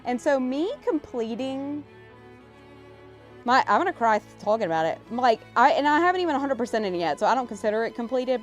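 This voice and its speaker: Kinda high-voiced streamer lady, gets all worked up and emotional, cusses a lot. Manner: excitable and emotional, swears freely. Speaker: livestream host. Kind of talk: casual live-stream chat while opening cards.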